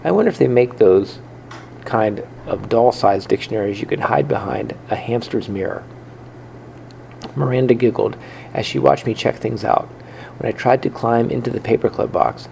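A man reading a children's book aloud in first person, unhurried, with occasional slips and rereads. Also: mid-range voice, gravelly, dark tone, slight background noise, poor audio. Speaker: reader.

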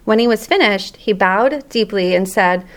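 Woman storybook narrator, lively, expressive, mid pitch. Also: moderate pace. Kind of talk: storybook reading aloud.

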